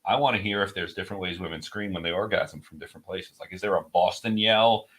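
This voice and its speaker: A man's voice: low voice, quick pace, a bit bright. A man from New York with a faint New York accent, co-hosting a radio talk show and joking bluntly. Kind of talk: casual chat.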